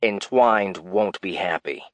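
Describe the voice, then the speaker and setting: A man's voice: low voice, takes it slowly, no echo. An actor voicing a smug, dismissive male company CEO who talks down to his staff with sarcasm. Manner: sarcastic, condescending.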